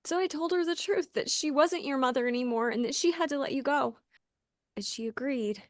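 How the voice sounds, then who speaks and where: Actress as a confessing mother figure, earnest and defensive, a little high, dry room. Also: fairly quick, no echo, lightly acted. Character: guilty woman who raised a girl, confessing a lie. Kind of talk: acting class scene.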